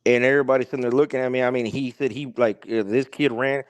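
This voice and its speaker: A man's voice: medium pitch, steady tone, fast talker, smooth, no room sound. Man, casual storytelling, rambling, repeats himself, dry. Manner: rambling, repeats "he's like" and "he goes". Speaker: podcast guest.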